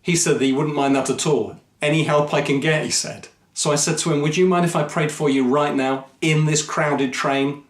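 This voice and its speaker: A man, a Christian mission speaker, telling a personal story to camera in an earnest, measured, reflective way. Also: a little high, steady tone. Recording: echoey room.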